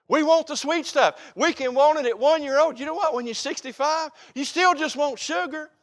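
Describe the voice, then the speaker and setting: An older pastor with a drawl, preaching with a fairly high-pitched voice. He talks in a folksy, homey way and leans hard on key words, drawing them out for emphasis. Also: fairly bright tone. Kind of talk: expository sermon.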